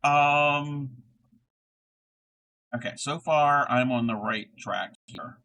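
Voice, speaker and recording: A man's voice: medium pitch, very slow, bright, forceful tone, poor audio. A man chatting casually on a livestream while crocheting, reading chat aloud and laughing often. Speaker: streamer crocheting live.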